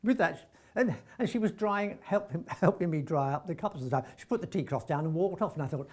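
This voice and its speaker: Husky older man telling stories. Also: fairly high pitch, fairly quick, few pauses. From North London. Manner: animated storyteller, acts out dialogue, frequent stammered restarts. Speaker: veteran actor recalling his career. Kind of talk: anecdotal reminiscence.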